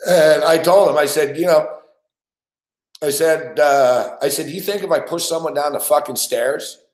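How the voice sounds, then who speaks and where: A man's voice: fairly high pitch, moderate pace, darkish tone. A man hosting a podcast, telling a rambling story in casual chat with lots of swearing. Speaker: podcast host. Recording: roomy echo.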